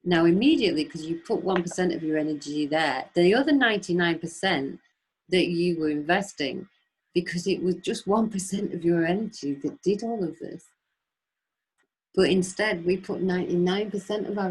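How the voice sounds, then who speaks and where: Low husky woman giving a talk. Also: normal speed, rough recording. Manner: rambling, emphatic, rhetorical questions. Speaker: webinar speaker. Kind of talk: impassioned off-the-cuff talk.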